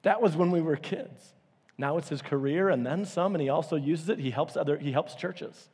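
Animated male pastor in a reverberant hall. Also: moderate pace, breathy edge. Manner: animated storytelling, acting out quotes with big pitch jumps. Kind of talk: sermon. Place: church auditorium.

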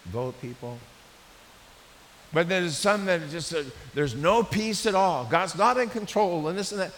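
A man preaching a sermon in a church, in a conversational, animated way with frequent restarts. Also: high-pitched, unhurried. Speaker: pastor. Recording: echoey hall with faint hiss.

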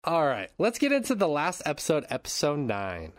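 A man's voice: on the high side, huge pitch swings, normal speed, no room sound, clean studio sound. A young man hosting a casual podcast who laughs often, rambles, and swears while recapping an episode. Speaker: podcast host.

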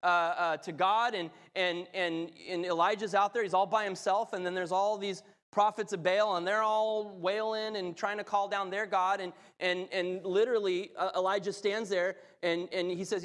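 A man with a high, bright-pitched voice preaches and reads scripture, his sermon rising into fervent, excited storytelling. His voice rings out with a long reverb tail, as if he stands in a large hall. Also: normal speed. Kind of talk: sermon with Bible reading.

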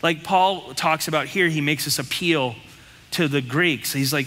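Speaking a little slowly, a pastor preaches conversationally to his congregation and peppers the sermon with rhetorical questions. His bright, slightly high voice echoes with a long hall reverb.

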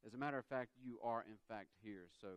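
A man's voice: medium pitch, fast, heavy background noise. A man with a Southern US accent preaching a sermon, acting out quotes and everyday dialogue as he goes. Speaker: pastor.

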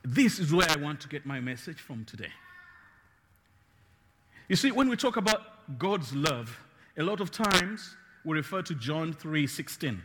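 A man from Uganda with a Ugandan accent and Luganda as his first language, preaching a slow, emphatic, playful sermon in a church. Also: fairly high pitch, sing-song, long reverb tail, a little hiss or hum. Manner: slow, emphatic, dynamic in loudness, playful teasing.

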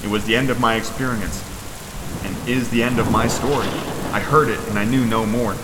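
A man hosting a podcast, giving a measured, ominous dramatic reading of a horror tale. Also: lowish voice, noisy background. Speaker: podcast host and reader. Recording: echoey reverberant room with loud rain.

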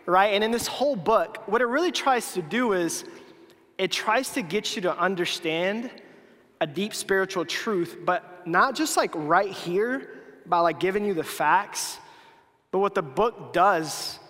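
A man's voice: high voice, expressive, unhurried, a bit bright. A young man giving a casual youth sermon, chatty and full of restarts and filler words, poking fun at his own slips. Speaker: youth speaker. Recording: long hall reverb.

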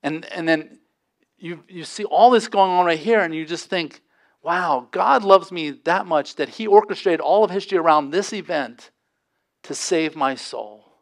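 A man preaching a sermon as pastor, impassioned, with dramatic pauses and sudden drops to a hush. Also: a little high.

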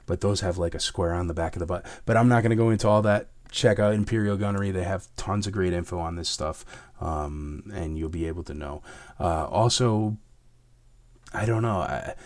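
A hoarse, raspy man with a lowish voice hosts a relaxed chat, reading out viewer questions and answering them. He rambles with plenty of fillers and can turn heated and emphatic. The recording is dry and close, with little room sound. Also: no room sound. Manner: rambling, many fillers, gets heated and emphatic about fakes. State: hoarse from illness. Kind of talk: casual chat.

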